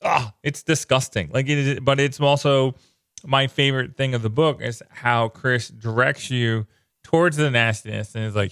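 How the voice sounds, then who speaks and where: A man casually walking through comic book pages, excited and loose, leaning on "like" and repeating himself. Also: medium pitch, moderate pace, clear, resonant tone, no room sound, studio quality. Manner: enthusiastic, loose, repeats words, lots of "like". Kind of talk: casual page-by-page comic commentary.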